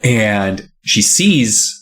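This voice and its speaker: A man co-hosting a casual chat, recapping a book with jokes and quick silly voices for the characters. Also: on the low side, sing-song, a bit bright. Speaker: podcast co-host recapping a book.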